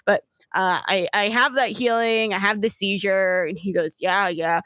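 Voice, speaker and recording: A woman's voice: medium pitch, normal speed, a bit bright, no echo. A woman narrating a tabletop game as game master, giggly and rambling with many fillers.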